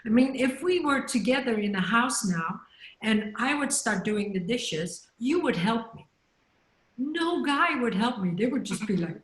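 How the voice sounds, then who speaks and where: A woman's voice: fairly high pitch, big pitch swings, unhurried. Chatty middle-aged woman coach, echoey. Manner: chatty, many fillers and restarts. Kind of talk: online panel discussion. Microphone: video call.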